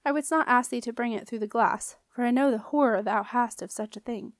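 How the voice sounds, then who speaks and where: A formal male alchemist speaks in stately old-world phrasing, measured and solemn, as a woman reading the book puts him on. The voice sits fairly high and sounds dry and close, like a storybook reading. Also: dry recording, close to an everyday voice. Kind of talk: audiobook character reading.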